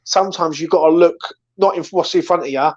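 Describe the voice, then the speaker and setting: A man's voice: fairly high pitch, fairly quick. A man hosting a casual post-match chat, emotional and swearing about his club. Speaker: host. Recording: dull lo-fi audio.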